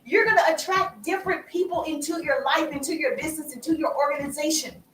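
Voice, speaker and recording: A woman's voice: high-pitched, quick pace, fairly bright tone, reverberant, far from the mic, slight background noise. A woman coaching on social media marketing in an emphatic, repetitive, preacher-like motivational style. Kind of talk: motivational training talk.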